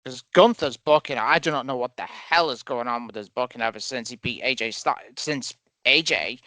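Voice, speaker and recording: A man's voice: mid-range voice, a little fast, no room sound. A man co-hosting a casual wrestling podcast, giving firm opinions. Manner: animated, opinionated. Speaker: podcast co-host.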